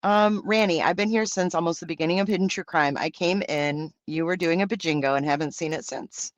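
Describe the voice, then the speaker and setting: A man's voice: fairly high pitch, a little fast, dry recording. A man hosting a livestream, reading out and answering viewer comments in brash, profane, campy banter. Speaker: livestream host.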